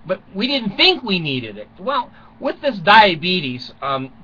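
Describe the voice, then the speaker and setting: A man's voice: high-pitched, sing-song, slow pace, pushed and bright, breathy edge, highs cut off. An older man rambling through a crude, self-mocking comic monologue from a small closet at home, chuckling often. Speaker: vlogger.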